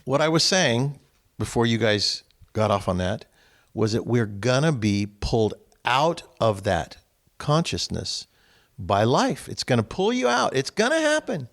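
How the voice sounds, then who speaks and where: Expressive man painting everyday examples. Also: mid-range voice, measured pace. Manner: vivid, builds up everyday examples. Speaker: discussion participant. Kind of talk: lively spiritual group discussion.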